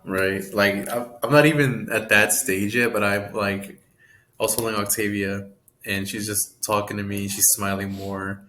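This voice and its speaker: Young dude co-hosting, kinda low voice, laid back and laughy, a little hiss in the background. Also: male voice, fairly even intonation, a little slow, sharp tone. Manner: easygoing, laughs often, swears. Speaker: podcast co-host. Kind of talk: casual gaming podcast chat.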